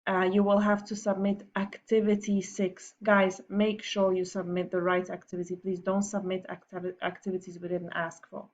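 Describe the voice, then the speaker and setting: A woman teacher speaks gently and without hurry in a recorded morning message, then reads a story aloud to her pupils. Her pitch is middling and she pauses on frequent ums. The sound is muffled and lo-fi. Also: monotone, a little hiss or hum. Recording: dull lo-fi recording.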